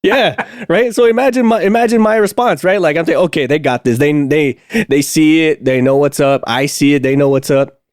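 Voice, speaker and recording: A man's voice: on the high side, normal speed, no echo, studio quality. A man co-hosting a casual podcast, telling a maintenance war story with lots of fillers and restarts and frequent laughs. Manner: rambling, many fillers and restarts, laughs often. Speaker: podcast co-host, aircraft maintenance technician.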